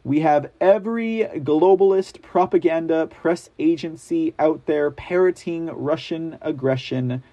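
A man's voice: a little high, a little slow, few pauses, muffled recording. Chatty man hosting a commentary show. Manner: chatty, many fillers, addresses viewers as guys; sarcastic asides when reading articles. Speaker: news commentary host. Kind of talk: casual political commentary show.

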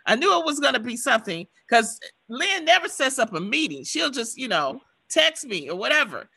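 A woman hosting a radio talk show, telling a story in a lively, expressive way. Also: fairly high pitch, moderate pace, gravelly, slightly rough. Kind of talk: casual chat.

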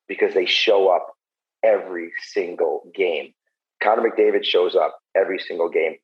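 A man with a gravelly, fry-edged voice chats as a podcast guest, blunt and profane, working himself up as he talks. The audio is muffled and lo-fi. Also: lowish voice. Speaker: podcast guest, former pro hockey player. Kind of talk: casual podcast chat.

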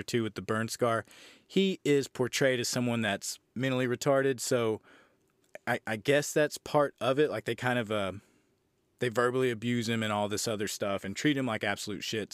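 Man, podcast host, swearing, sarcastic, mid-pitched voice, dry close sound. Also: no room sound. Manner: profane, incredulous, sarcastic retelling. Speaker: podcast movie reviewer. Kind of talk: casual movie review recap.

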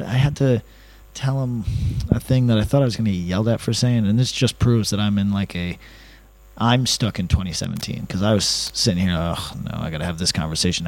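A man's voice: fairly low pitch, a little mellow, no room sound. A man rambling through a comedic story, profane and self-mocking, with an ordinary mid-range voice. His delivery is loose and conversational, with restarts and asides. The sound is close and dry, with no room around it. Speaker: podcast host.

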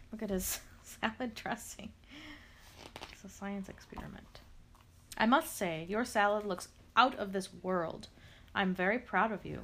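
A woman reading a children's picture book aloud, her voice bouncing up and down as she talks to the character. She punctuates the story with shouted sound effects and playful asides. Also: fairly high pitch, expressive, normal speed, a little hiss or hum. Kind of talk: expressive read-aloud to a character.

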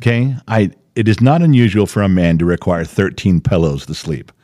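Male podcast co-host, low lively voice, dry close sound, animated storyteller. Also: a little fast, no room sound. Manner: animated, self-mocking storyteller who acts out quotes. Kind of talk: casual storytelling chat.

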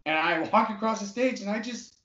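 A man in his twenties telling an animated story, swearing freely and acting out the other people's lines. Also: sits high, a little fast, muffled recording.

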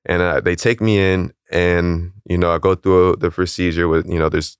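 A young man calmly and plainly recounting a personal story in a casual interview. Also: sits low, moderate pace, clean tone, no room sound, studio quality. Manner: calm, matter-of-fact, chuckles at odd details.

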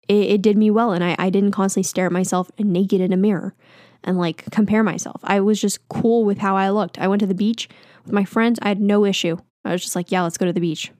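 A woman's voice: mid-range voice, a little mellow, dry recording, clean studio sound. A woman in her twenties talking into a mic in a candid, self-deprecating monologue that rambles with fillers. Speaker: vlogger. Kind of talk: casual confessional monologue.

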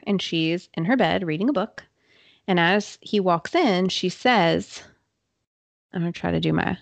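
A woman hosting a podcast, telling a true crime story in a casual, chatty way with quick asides and fillers. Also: lowish voice, creaky, no room sound. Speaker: podcast host.

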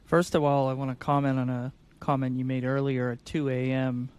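A man on an insurance sales podcast giving tactical advice in a lively, demonstrative way, often acting out calls. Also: medium pitch, a little fast, clear, resonant tone. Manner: animated, acts out sales calls.

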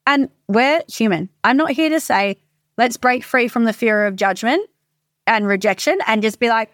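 A woman's voice: on the high side, moderate pace, dry recording, studio quality. A woman in her thirties, a coach, talking casually and candidly with frequent swearing, in a motivational monologue. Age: 30s.

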